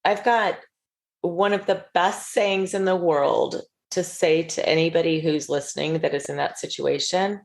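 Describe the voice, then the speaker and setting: A woman's voice: on the low side, steady tone, a little slow, vocal fry. A middle-aged woman speaking as a podcast guest, earnest and storytelling as she gives advice to listeners. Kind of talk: casual interview chat.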